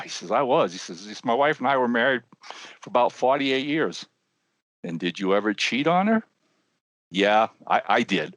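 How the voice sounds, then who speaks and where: An older man co-hosting a podcast, telling a long joke with animated voices for the characters. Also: mid-range voice, no room sound. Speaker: podcast co-host. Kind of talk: telling a joke, casual chat.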